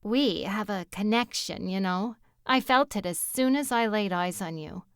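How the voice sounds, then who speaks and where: Lady reading as a brassy bronx gal on a date, gushy and breathy, slow smooth delivery. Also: medium pitch, no room sound, clean studio sound, close to an everyday voice. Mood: gushing. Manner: gushing, breathy and over-eager. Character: brash flirty woman on a date, self-absorbed, theatrical.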